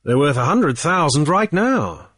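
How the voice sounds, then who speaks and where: A man reading a storybook, voicing a hard, dangerous male sea captain who talks gruffly and bluntly. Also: fairly high pitch, big pitch swings, unhurried, a bit bright, no echo, clean studio sound, pitched above the performer's own voice, exaggerated voice. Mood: guarded, blunt. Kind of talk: audiobook character voice.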